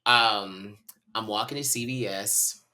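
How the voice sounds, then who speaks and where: Man from north carolina, podcast guest, low pitch, forceful bright tone, candid animated storytelling. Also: takes it slowly. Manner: animated, candid, talks to listeners as y'all. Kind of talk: personal storytelling in a conversation.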